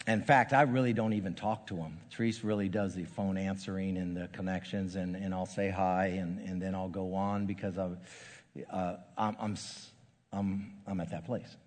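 Older man preaching with halting, repeated words. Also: low voice, fairly even intonation, long reverb tail. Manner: halting, repeats and restarts words, grows hushed and soft. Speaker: pastor. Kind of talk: sermon.

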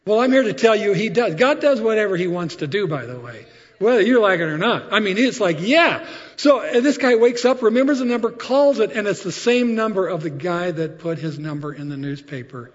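A man's voice: high voice, a little fast. Guy preaching a sermon, chatty storyteller, kinda muffled sound with lots of church echo. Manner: conversational, animated storytelling with asides.

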